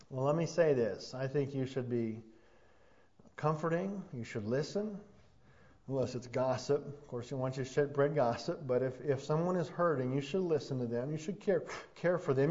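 A man preaching a sermon as pastor, earnest, rising to emphatic peaks and then dropping soft. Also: medium pitch. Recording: dull lo-fi sound.

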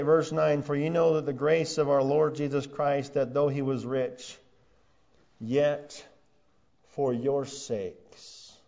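A man preaching a sermon as pastor, building to loud emphatic peaks and then dropping low and quiet for weight. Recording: dull lo-fi sound.

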